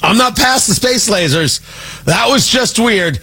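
A man's voice: high voice, lively intonation, takes it slowly, gravelly, pushed and bright, slightly rough. A man delivering a sarcastic, exasperated political opinion monologue as a commentator.

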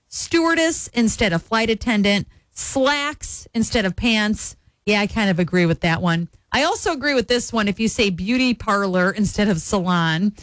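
Chatty higher-voiced woman on air. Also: a bit bright, dry recording. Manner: chatty, reading out a list with quick asides. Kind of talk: casual on-air chat.

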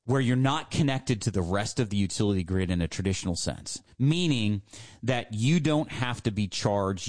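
A male radio host giving a persuasive sales pitch from a studio, emphatic and repeating his key points. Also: darkish tone.

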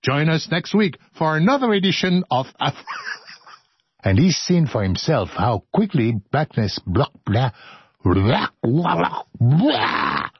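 A man's voice: on the high side, very animated, a little slow, husky, no echo, dull audio. A man hosting a radio show, joking his way through outtakes of his scripted narration. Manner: playful, joking, breaks into laughter and singing. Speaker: radio host.

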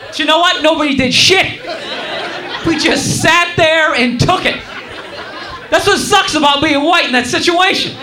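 A man with a very high voice doing live stand-up in a comedy club, telling his story in an animated way and acting out characters. The room sounds roomy and echoey, with a clearly audible crowd and background noise. He talks into a stage mic.

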